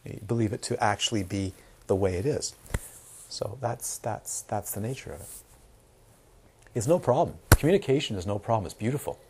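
A man's voice: on the low side, normal speed, pauses often, slight background noise. A man giving a Dharma talk to students, full of rhetorical questions and playful asides. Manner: animated, asks rhetorical questions, acts out crying babies. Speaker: Dharma teacher.

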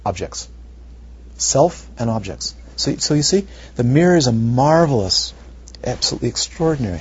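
A male meditation teacher giving a dharma talk, animated and rhetorical, sometimes dropping to near whispers, on a muffled recording. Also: mid-range voice, normal speed, slightly rough. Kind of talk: dharma talk to retreat students. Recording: muffled lo-fi recording with faint noise.

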